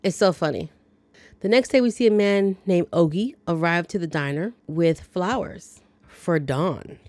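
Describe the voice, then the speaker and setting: A woman hosting a podcast chats through a movie recap with wry, dry jokes. Her voice is on the low side for a woman. The sound is dry and close, with no room echo. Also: measured pace, a little mellow. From lives in the American South. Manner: chatty, wry, dryly joking. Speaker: podcast host.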